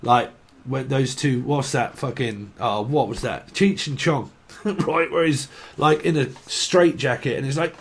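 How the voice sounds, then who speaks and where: Man, tarot reader, higher-pitched, loose comic rambling with swearing. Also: unhurried, gravelly. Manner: swears freely, chuckles, acts out silly scenes.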